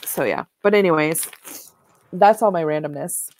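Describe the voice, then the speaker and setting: A woman's voice: low-pitched, moderate pace, a little mellow, a little hiss or hum. A woman co-hosting a knitting show, chatting casually and showing yarn and fabric to the camera, rambling with many "like"s and "um"s.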